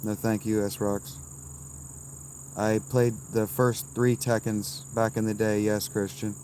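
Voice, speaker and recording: Streaming from an outdoor campsite, a man in his thirties fires back short, blunt replies to his live chat and often brushes people off. His lowish voice stays level and warm, with faint insects and crickets humming in the background.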